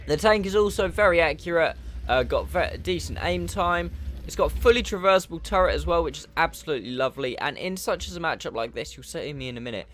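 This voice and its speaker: Lively, chatty gaming commentator man. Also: on the high side, fast, a little hiss or hum. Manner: chatty, animated, jokey asides. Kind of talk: casual gameplay commentary.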